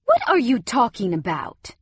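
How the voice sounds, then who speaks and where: A woman's voice: a little high, wildly swooping pitch, a little slow, fairly bright tone, breathy edge, dry recording, voice pushed up, exaggerated voice. A woman voicing a scornful middle-aged mother-in-law in an audiobook, cutting and sneering.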